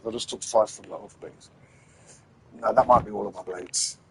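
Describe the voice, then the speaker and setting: Tired man with a low voice. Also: steady tone, brisk, fairly bright tone, breathy edge, rough recording. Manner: rambling, repeats and restarts phrases, giving tips to viewers. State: tired, late at night. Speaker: gamer streaming his play. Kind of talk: casual gameplay commentary.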